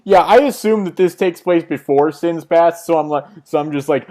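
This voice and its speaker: A young man co-hosting a casual comic recap, chatty and quick to laugh as he leads the talk. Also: on the high side, a little mellow. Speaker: comic podcast co-host.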